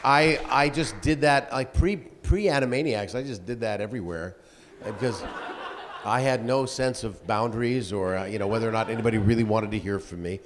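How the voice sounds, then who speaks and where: Lively older man telling stories on stage. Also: lowish voice, crowd noise. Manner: animated, quick storyteller who slips into voices. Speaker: voice actor on a convention panel. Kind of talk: casual panel storytelling. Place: convention hall. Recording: long echo of a convention hall, faint noise.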